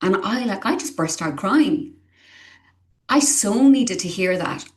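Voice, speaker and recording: A woman's voice: mid-range voice, lively intonation, slow. A middle-aged woman, a parent, speaking candidly and earnestly as an interview guest, often restarting her sentences as she searches for words. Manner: earnest and emotional, with frequent restarts and hesitations. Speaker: guest, parent of a child with dyslexia.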